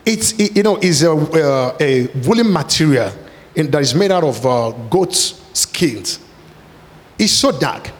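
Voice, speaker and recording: A man preaching a sermon, speaking with passion and at times rising to shouted pleas. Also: fairly high pitch, animated, a little slow. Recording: long hall reverb.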